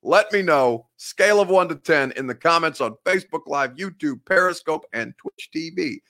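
Bright, upbeat male sports talk host. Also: fairly high pitch, lively intonation, normal speed. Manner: rambling, self-correcting, joking. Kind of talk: casual live-stream sports talk. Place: home studio.

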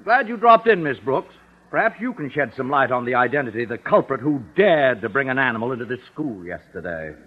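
An actor playing a pompous, stern school official in a 1950s radio sitcom. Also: male voice, mid-range voice, big pitch swings, a little fast, a little hiss or hum, lightly acted. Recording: muffled old radio broadcast.

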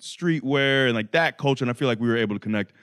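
A man's voice: medium pitch, fast, a bit bright, smooth. Man musing in casual chat. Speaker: podcast co-host.

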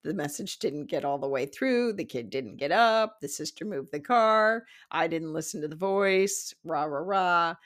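Fifty-something woman telling a story, kinda low voice, lots of laughing and acting out who said what. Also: normal speed, few pauses. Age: 50s. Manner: animated, laughs often, acts out quoted dialogue. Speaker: psychic development teacher. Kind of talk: casual storytelling monologue.

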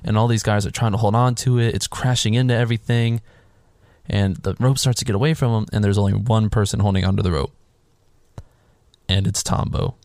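A man in casual podcast chat, retelling a film scene by scene and acting out the characters in higher voices. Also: brisk, no echo. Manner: animated, acts out characters' lines in higher voices.

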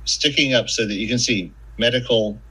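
A man's voice: medium pitch, moderate pace, slightly rough, poor audio. A man, an author who is a podcast guest, telling stories in casual conversation and swearing freely. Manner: animated storyteller, swears freely.

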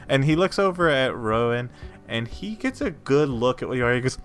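A man's voice: medium pitch, lively intonation, fairly quick, a bit bright, soft background music. A man narrating a tabletop game as game master, casual, with frequent "like" fillers.

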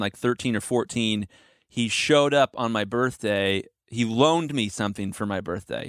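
Smooth low-voiced male interview guest. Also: fairly bright tone, dry recording, clean studio sound. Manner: casual, lots of "like" fillers, enthusiastic storytelling. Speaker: podcast guest, mastering engineer. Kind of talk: interview, telling his life story.

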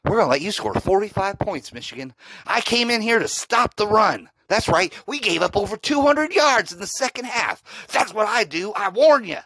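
Man putting on a boastful football coach, shouting and self-important, voice pushed high above his usual, jumping up and down in pitch, dry close sound. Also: expressive, normal speed, husky, no room sound, full character voice, rough recording. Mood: mocking bluster.

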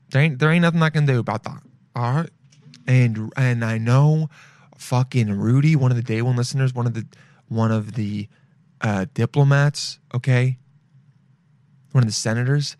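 A man's voice: medium pitch, a little mellow, no echo. Rambling, sniffly young man, dry close sound. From Los Angeles. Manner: rambling, swears freely, calls listeners "dude". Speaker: podcast host. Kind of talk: casual solo chat.

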